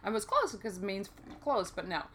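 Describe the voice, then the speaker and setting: A woman's voice: medium pitch, big pitch swings, normal speed, a little hiss or hum. An American woman in casual chat, often affirming and telling her own travel stories. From United States. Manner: warm agreeing listener with frequent affirmations and laughs.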